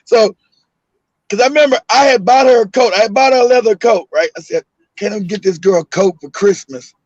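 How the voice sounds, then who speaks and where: A man's voice: high voice, a little fast, darkish tone, no room sound, muffled recording. A middle-aged man, telling a story casually, laughing a lot, swearing, and raising his voice at the punchlines. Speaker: host.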